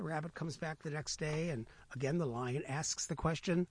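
An older man telling a folk tale as a guest storyteller, playful and animated, acting out the animal voices. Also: a little high, normal speed, hardly any pauses, no echo.

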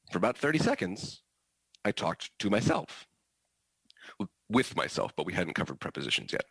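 A man's voice: low voice, huge pitch swings, normal speed, creaky, pauses often, fairly bright tone, husky, no room sound, low-quality recording. A man who is a teacher, telling a story from his classroom with dry, understated delivery. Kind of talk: storytelling performance.

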